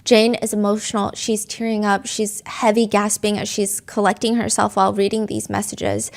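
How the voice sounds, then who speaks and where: A woman's voice: mid-range voice, level tone, normal speed, vocal fry. A woman hosting a true crime show, earnestly retelling court testimony and reading text messages aloud. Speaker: host.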